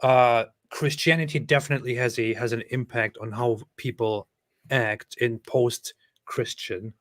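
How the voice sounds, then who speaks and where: Soft-spoken man on a casual livestream. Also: medium pitch, fairly even intonation, unhurried, no room sound, clean studio sound. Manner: hesitant, chuckling, soft-spoken. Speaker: livestream co-host reading viewer chats.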